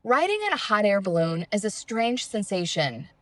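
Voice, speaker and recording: A woman reading her own travel memoir aloud in a calm, reflective, measured way. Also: mid-range voice, no room sound. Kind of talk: first-person memoir reading.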